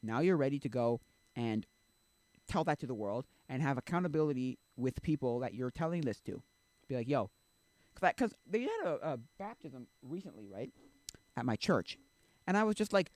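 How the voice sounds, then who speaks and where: A man on a stream talks casually about faith at a fairly quick pace, his mid-range voice recorded with no room sound. He rambles, interrupts himself, uses many fillers, and keeps stopping and restarting, but turns animated with sudden lift when acting out quotes.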